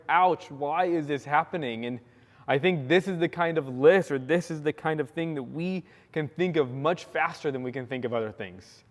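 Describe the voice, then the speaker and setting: A young man giving a sermon, telling a personal story in a lively, animated way, acting out the quotes and saying "like" often. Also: a little high. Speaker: pastor. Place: church sanctuary. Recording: long hall reverb.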